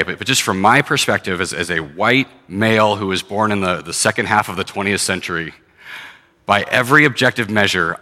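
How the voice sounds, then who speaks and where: A man preaches a sermon in an earnest, conversational way, slipping between scripture reading and plain talk. His voice sits fairly low but sounds bright and forceful. A long reverb trails after his words, as in a big hall. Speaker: pastor.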